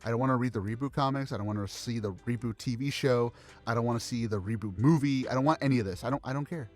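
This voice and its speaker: A man's voice: medium pitch, quick pace, faint music behind. A man co-hosting a podcast, ranting with frustration, cursing and repeating himself. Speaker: podcast co-host. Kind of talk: casual podcast rant.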